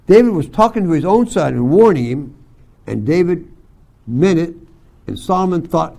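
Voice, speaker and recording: Gravelly older man preaching to youth. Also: medium pitch, sing-song, a little fast, dark tone. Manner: folksy storytelling with frequent throat clearing. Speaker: Bible school teacher. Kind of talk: sermon to young students.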